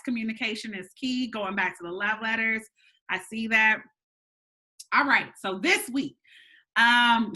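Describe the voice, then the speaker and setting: A woman hosting a casual live stream, talking in a chatty way with lots of "um"s and giving shout-outs, with a slightly nasal voice. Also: mid-range voice. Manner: chatty, warm shout-outs with frequent laughs and "um"s. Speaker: host. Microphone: webcam or phone mic for a live stream.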